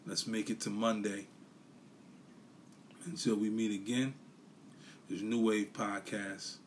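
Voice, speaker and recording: A man's voice: fairly low pitch, level tone, slow, slight background noise. A man hosting his own podcast, ranting bluntly and profanely in casual solo commentary, repeating his points for emphasis. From New York City. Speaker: podcast host.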